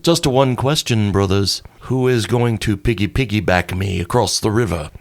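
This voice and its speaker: A man's voice: on the low side, normal speed. A man playing a tabletop game, casual with dry quips. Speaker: player.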